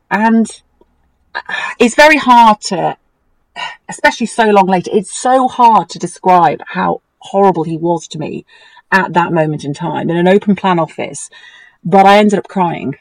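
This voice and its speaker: A woman's voice: mid-range voice, moderate pace, no echo, low-quality recording. A woman, telling a painful personal story on a talk show, acting out what others said. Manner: animated, acts out quotes in a mimicking voice. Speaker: guest.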